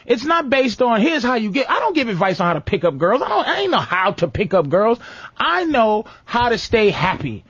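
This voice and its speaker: Guy with a real high voice, swings up and down, telling profane stories on his podcast, dull muffled audio. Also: moderate pace, breathy edge, no echo. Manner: profane, animated, ranting. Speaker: podcast host. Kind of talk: comedic storytelling rant. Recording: dull lo-fi dry sound.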